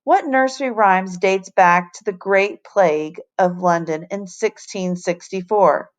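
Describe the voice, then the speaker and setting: A woman reads aloud as a strict but kindly male fourth-grade teacher who lectures his class in a firm, measured voice. His tone is even and schoolmasterly, and the scene comes from a children's storybook read aloud. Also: mid-range voice, natural voice. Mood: stern.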